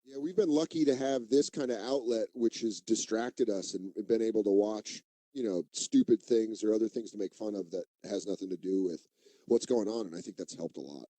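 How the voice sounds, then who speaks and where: A man hosting a radio show, chatting in a jokey, animated way. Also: on the low side, fairly quick, dry recording. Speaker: radio host, comedian. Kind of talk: casual radio chat. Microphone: studio mic.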